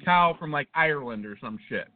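High-voiced man telling a rambling story. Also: lively intonation, a little fast. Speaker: podcast co-host. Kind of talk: casual chat. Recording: tinny phone-like sound.

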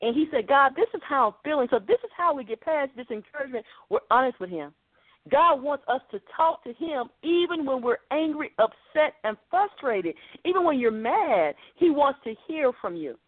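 A woman's voice: high voice, very animated, normal speed, no echo. A woman preacher delivering an earnest, conversational podcast sermon. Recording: dry, phone-like narrow sound.

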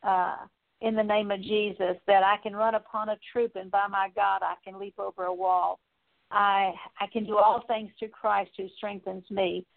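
A woman's voice: mid-range voice, flat delivery, moderate pace, gravelly. Woman praying over a tinny line. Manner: earnest, repetitive confessional phrasing with fillers. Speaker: prayer leader. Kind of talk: spoken prayer. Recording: tinny phone-like audio.

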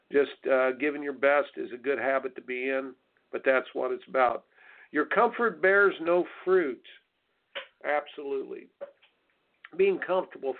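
Blunt folksy coach on a tinny line. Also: male voice, mid-range voice, gravelly. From United States. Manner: blunt, folksy, preachy, mocking soft attitudes in sing-song asides. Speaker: tennis coach and radio host. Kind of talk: coaching advice talk on radio. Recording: tinny phone-line sound.

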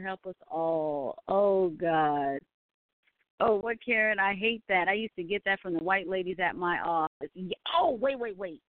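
A woman's voice: medium pitch, no echo. A woman hosting a casual live stream from home, chatty and blunt, laughing often and swearing freely as she reads viewer comments. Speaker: livestream host reading viewer comments. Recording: tinny phone-like, dry sound.

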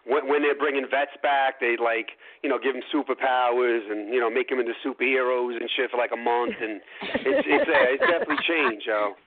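A man's voice: medium pitch, fairly quick. A man in his thirties chatting as a guest in a casual, profane, slangy way, peppering his talk with "yo.". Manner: profane, slangy, keeps saying "yo". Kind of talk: casual chat. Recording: tinny phone-like line.

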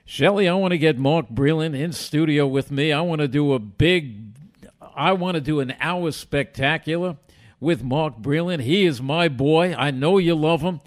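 A man doing an impression of a brash, pompous male sportscaster, speaking emphatically and loudly. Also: on the high side, moderate pace, natural voice. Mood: confident.

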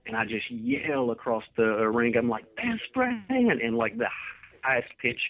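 A man's voice: medium pitch, sing-song, normal speed, vocal fry. A man being interviewed as a professional wrestler, telling rambling, laid-back stories from his career over a phone line. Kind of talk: casual interview storytelling. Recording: tinny dry phone line.

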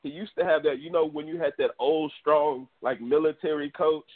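A man co-hosting a boxing podcast, telling stories in a slangy, animated casual chat. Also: on the high side, normal speed. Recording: husky voice on a tinny phone-like line.

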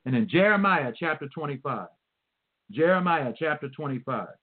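A man preaching a sermon, reading scripture slowly and stressing his points with emphasis. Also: on the high side, animated. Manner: emphatic, reads scripture slowly and repeats verse numbers. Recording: tinny phone-like audio.

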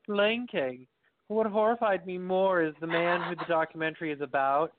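A man's voice: high voice, no room sound. A man co-hosting a podcast in casual chat, telling loose stories and laughing often. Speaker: podcast co-host. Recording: dry, tinny phone-like audio.

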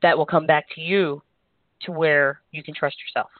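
A woman energy healer hosting a call-in show, giving gentle, reassuring spiritual guidance in a meandering way. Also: sits low, fairly even intonation, normal speed, dry recording. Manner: gentle, reassuring, meandering with frequent "you know". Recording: dry, tinny phone-line sound.

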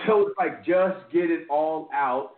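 A man's voice: on the high side, a little slow. A man co-hosting a podcast, talking in a rambling, profane, casual way with frequent restarts. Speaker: podcast co-host. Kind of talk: casual chat. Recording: echoey, phone-like line with faint music.

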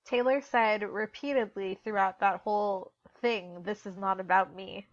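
A woman's voice: mid-range voice, steady tone, a little slow. A woman co-hosting a casual fan podcast, chatty, retelling scenes with "she's like" asides. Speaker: podcast co-host. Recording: dull lo-fi audio.

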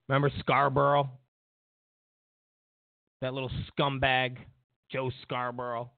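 A man's voice: mid-range voice, flat delivery, unhurried, long pauses, no room sound. A man hosting a political commentary show, rambling with many fillers and restarts and mimicking others mockingly. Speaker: show host. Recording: dry tinny phone-like sound.

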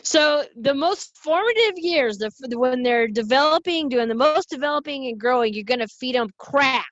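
A woman pet nutritionist talking casually on a podcast, passionate and animated, often restarting her sentences. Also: sits high, moderate pace, no room sound, muffled recording.

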